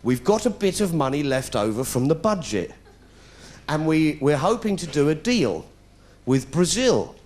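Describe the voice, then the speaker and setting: A man's voice: a little high, big pitch swings, a little slow, darkish tone. A middle-aged British man telling a sarcastic stand-up story, putting on voices as he goes. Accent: British English. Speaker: comedian. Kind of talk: stand-up comedy routine. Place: stage before a live audience.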